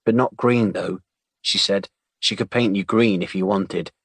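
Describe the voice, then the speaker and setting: A man's voice: low-pitched, measured pace, fairly bright tone, husky, no echo, exaggerated voice. A man voicing a small, curious, cheeky boy who asks blunt questions.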